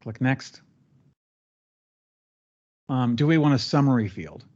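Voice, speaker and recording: A man guiding a trainee step by step through a software training session, relaxed and chatty with fillers. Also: medium pitch, slow, lo-fi sound. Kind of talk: live screen-share training session.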